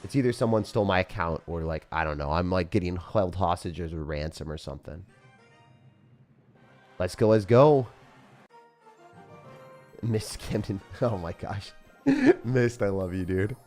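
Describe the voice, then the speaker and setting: A man giving live gameplay commentary as a streamer, casual and jokey, with sudden loud excited outbursts. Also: deep voice, unhurried, pauses often, faint music behind. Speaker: game streamer.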